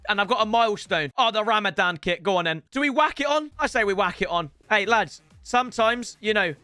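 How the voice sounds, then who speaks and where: A young man streaming a football video game, chatting to the lads in cheeky banter and breaking into loud outbursts. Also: sits high, animated, fairly quick, no echo, soft background music. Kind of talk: gaming stream commentary. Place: home room with builders' noise outside. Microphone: headset.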